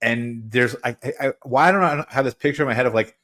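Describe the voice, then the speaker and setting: Man, co-host, casual chat, halting, average pitch. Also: fairly bright tone. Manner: halting, many restarts, backchannels. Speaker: podcast co-host.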